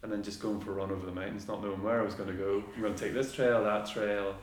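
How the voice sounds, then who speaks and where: A man's voice: fairly low pitch, steady tone, racing. A man hosting a podcast, talking casually and enthusiastically. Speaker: podcast host. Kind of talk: casual conversation. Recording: roomy echo with faint background noise.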